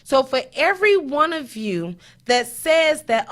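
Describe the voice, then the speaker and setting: Woman, high voice, emphatic, rhetorical questions, live-stream host. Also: sing-song, unhurried, hardly any pauses, a bit bright. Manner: emphatic, preachy, repeats points, rhetorical questions. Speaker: host, accountant.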